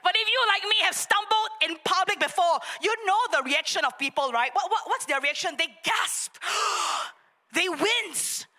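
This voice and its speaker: Bright animated woman preacher. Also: very high-pitched, normal speed, few pauses. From Singapore. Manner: animated storytelling, self-mocking with laughs and acted gasps. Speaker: pastor. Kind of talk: sermon.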